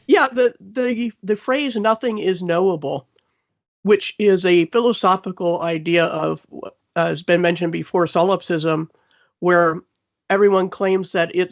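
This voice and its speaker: A woman's voice: lowish voice, lo-fi sound. A woman speaking as a guest on a live online panel, making an earnest argument.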